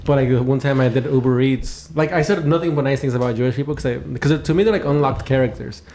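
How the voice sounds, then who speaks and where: A man's voice: mid-range voice, quick pace, dark tone. A young man from California, a podcast co-host, tells rambling stories in casual chat, swearing often and laughing through them.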